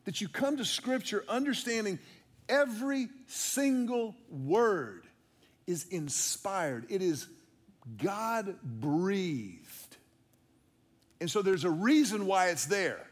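A man's voice: high voice, expressive, slow pace. A man preaching a conversational sermon, with playful asides and repeated words for emphasis. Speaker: pastor.

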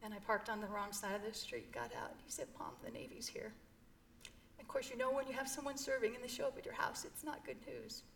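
A woman's voice: a little high, animated, a little fast, gravelly, a bit bright, a little hiss or hum. A middle-aged woman telling an emotional personal story in an interview, earnest and heartfelt. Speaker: guest.

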